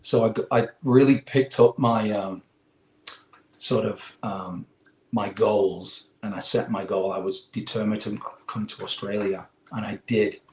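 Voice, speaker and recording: A man in his forties from England with an English accent, a guest in an interview, telling a long story in a rambling, animated way. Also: lowish voice, measured pace, echoey room. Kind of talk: casual chat.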